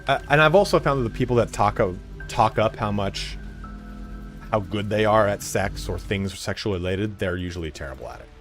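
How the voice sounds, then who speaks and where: A low-voiced man rambles frankly and loosely as he streams a game, his pitch swinging a lot as he talks. Faint game music plays underneath him. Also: expressive, a little fast. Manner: rambling, frank and profane, full of fillers. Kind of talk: casual chat while playing.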